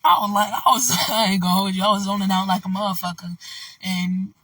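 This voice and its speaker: A woman's voice: mid-range voice, steady tone, brisk, sharp tone, no echo, recorded from a distance, low-quality recording. A woman vlogger telling a casual story in a loose, candid ramble, full of "like" and "you know".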